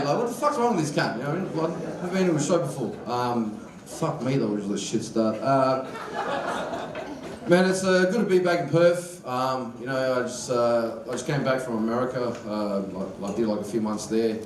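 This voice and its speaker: A man's voice: mid-range voice, very noisy. A young man with an Australian accent doing a stand-up set, casual and sweary, full of slang and fillers. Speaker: stand-up comedian. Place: live comedy venue with audience. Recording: echoey room, from a distance.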